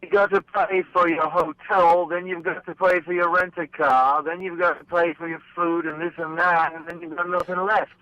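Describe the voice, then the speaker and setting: A man's voice: high voice, level tone, moderate pace, hardly any pauses, voice pushed up, close to an everyday voice. A man putting on a jokey English accent as a broke touring wrestler listing his costs. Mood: joking. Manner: jokey, rolling list of complaints. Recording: dull dry phone line.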